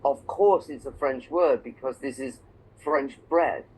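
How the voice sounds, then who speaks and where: A man's voice: medium pitch, measured pace, darkish tone, breathy edge, rough recording. A man from England teaching a one-on-one English lesson, explaining patiently with examples and checking that his student follows. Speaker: English tutor.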